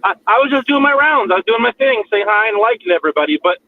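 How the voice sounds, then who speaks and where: A man's voice: sits high, lively intonation, quick pace. A man chatting as a guest on a livestream, rambling and self-deprecating, with frequent restarts. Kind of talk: casual chat on a livestream. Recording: muffled call audio with faint noise.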